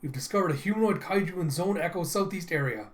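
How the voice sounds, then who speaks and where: A man's voice: high-pitched, fast, voice pushed up, natural voice. A man voicing a young male soldier who gives an urgent radio report with a stammer.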